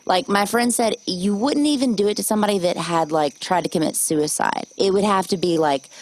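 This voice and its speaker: A woman hosting a podcast, chatting casually, animated and swearing freely. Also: mid-range voice, a little fast, low-quality recording. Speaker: podcast host.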